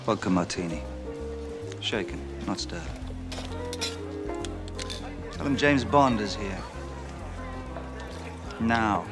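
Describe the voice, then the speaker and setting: Suave cool spy guy, short clipped orders, film clip with loud music behind. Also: fairly low pitch, animated, takes it slowly. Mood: cool commanding. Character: suave secret agent man, cool and commanding. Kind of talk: film scene.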